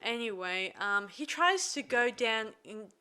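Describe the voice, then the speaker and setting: Bright, clear-voiced woman podcast host. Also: on the high side, expressive, unhurried. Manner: retells plot with many fillers and restarts. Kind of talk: casual film review chat.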